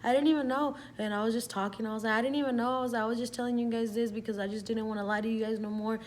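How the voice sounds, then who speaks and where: A woman's voice: on the high side, fairly even intonation, rapid-fire. A young adult woman vlogging, telling a story in a casual, chatty way, swearing freely and saying "like" a lot.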